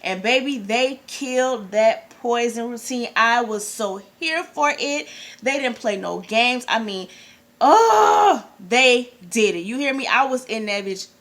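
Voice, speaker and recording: A woman, chatting casually as a vlogger, excitable and gushing, with slangy, profane asides. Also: on the high side, unhurried. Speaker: vlogger reviewing an awards show. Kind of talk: casual chat.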